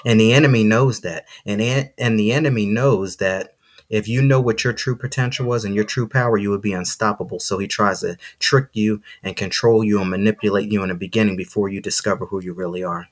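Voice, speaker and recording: This is a man with a fairly low voice who hosts his own podcast and talks straight to his listeners. He preaches motivation like a sermon, leaning hard on repeated lines and a punchy "see". His delivery is excited and emphatic. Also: brisk. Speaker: podcast host. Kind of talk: motivational live-stream monologue.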